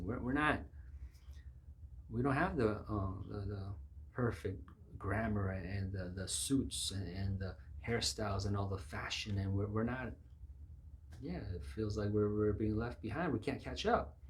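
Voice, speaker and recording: A man's voice: on the low side, normal speed, slight background noise. A man preaching a sermon in an emphatic way, acting out the voices of the people he quotes.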